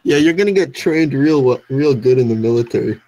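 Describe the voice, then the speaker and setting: A man's voice: mid-range voice, expressive, fairly quick, mellow, poor audio. A man co-hosting a voice chat, talking in a sarcastic, mock-serious way. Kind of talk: sarcastic banter.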